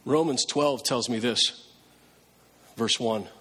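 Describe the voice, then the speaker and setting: A pastor preaching a sermon in a relaxed, conversational way, now and then acting out pleading prayers. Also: male voice, medium pitch, takes it slowly, breathy edge, big-room sound.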